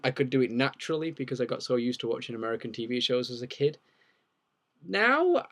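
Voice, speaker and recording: Rambling young man on a livestream. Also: mid-range voice. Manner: rambling, jokey, reads viewer questions aloud. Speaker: livestream host. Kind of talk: casual live Q&A chat.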